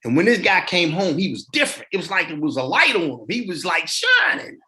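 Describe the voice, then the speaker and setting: A man's voice: sits high, fairly quick. A middle-aged man, a podcast guest, casually telling his life story in colloquial speech and acting out the people in it. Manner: colloquial, relaxed street talk.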